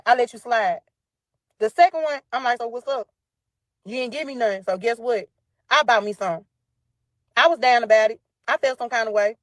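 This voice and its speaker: Talking straight to her audience, this Memphis woman unloads a profane, furious story about her ex-partner. Her voice sits fairly high, her Southern accent is unmistakable, and the recording has no echo.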